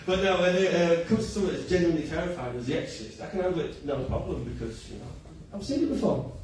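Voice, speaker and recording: A male comedian with a voice on the high side, animated and quick, with a darkish tone, does a stand-up set at a cafe comedy night. Self-deprecating, he often laughs at his own lines, recorded in an echoey room on a far, noisy mic.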